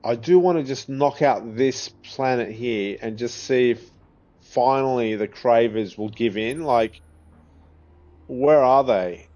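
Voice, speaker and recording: A man's voice: mid-range voice, slow, a little mellow. An Australian man giving casual gameplay commentary, chatty, swearing freely and laughing often. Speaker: gaming video creator. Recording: slightly dull audio with faint game music. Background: faint game music.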